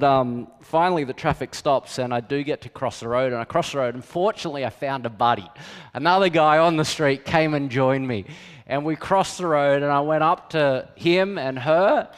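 A man's voice: medium pitch, clean tone. A middle-aged man, preaching a sermon in a candid, conversational storytelling manner with self-deprecating humour. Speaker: pastor. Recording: long reverb of a hall.

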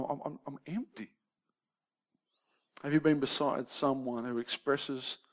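A man, preaching a sermon in a conversational way and often checking in with his listeners. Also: medium pitch. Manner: shifts from lively banter to soft, grave questions.

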